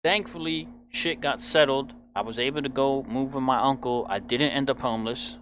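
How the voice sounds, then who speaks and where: A man's voice: mid-range voice, normal speed, a bit bright. A young man in his twenties telling a personal story in a casual, blunt, profane way. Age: 20s. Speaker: podcast host.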